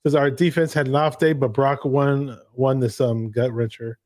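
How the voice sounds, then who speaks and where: A man hosting a live sports reaction show, recapping a game in an excited, rambling way. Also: mid-range voice, normal speed, no room sound, clean studio sound. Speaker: podcast host.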